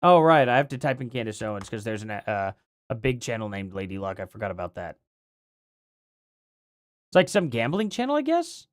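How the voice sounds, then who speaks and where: Hoarse-edged livestream host, lively and rambling. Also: mid-range voice, brisk, long pauses, no echo, clean studio sound. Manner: rambling, thinks aloud while reading. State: voice starting to go. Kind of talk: casual livestream commentary.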